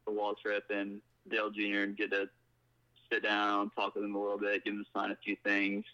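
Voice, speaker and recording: A man's voice: lowish voice, monotone, fairly quick, bright, forceful tone, lo-fi sound. A man in his twenties, a podcast guest, telling a rambling story in casual chat. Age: 20s.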